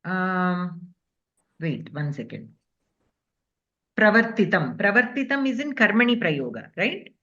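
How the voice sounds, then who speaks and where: A woman's voice: fairly low pitch, very animated, measured pace, long pauses, fairly bright tone. Woman teacher, patient, explanatory, dull lo-fi class audio. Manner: patient, explanatory, checks in with "okay?". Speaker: Sanskrit grammar teacher.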